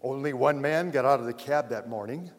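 A man's voice: mid-range voice, fairly quick. Earnest preacher man in echoing hall. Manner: earnest, swells loud then drops to a hush. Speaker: pastor. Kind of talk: sermon with storytelling. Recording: long reverb of a large hall.

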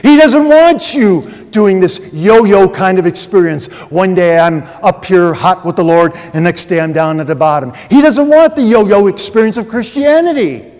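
A man's voice: high-pitched, expressive, normal speed, hardly any pauses, darkish tone. A man preaching a sermon as pastor, telling a story and acting out its dialogue. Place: church. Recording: long reverb of a large hall.

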